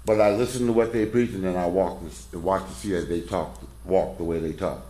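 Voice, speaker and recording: A warm, low, steady male voice moves fairly quickly as a middle-aged coach tells a self-deprecating, folksy, rambling story. It's casual talk at a men's conference held in a church hall, recorded in an echoey room.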